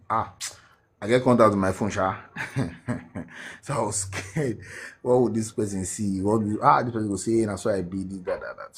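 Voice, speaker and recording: Deep-voiced Nigerian man recounting. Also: husky. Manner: earnest, mixes Pidgin, halting restarts. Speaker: guest telling his story. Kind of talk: emotional personal testimony.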